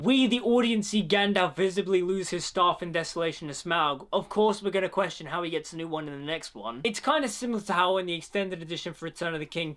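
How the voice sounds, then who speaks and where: A man's voice: on the high side, a bit bright. A young man giving casual film commentary, opinionated and blunt, with sarcastic asides and swearing.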